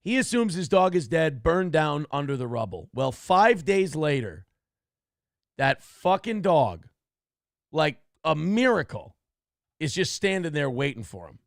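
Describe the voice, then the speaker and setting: A man's voice: fairly high pitch, sing-song, unhurried, dry recording, clean studio sound. A man hosting a morning show, riffing on a news clip in a crude, profane, mocking rant. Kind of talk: comedic commentary on a news clip.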